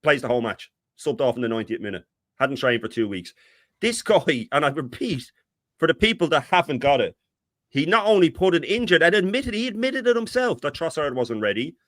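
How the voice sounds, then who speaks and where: A middle-aged man co-hosting a fan talk stream, ranting in an animated, exasperated way. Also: on the high side, fairly quick, dry recording, clean studio sound. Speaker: co-host.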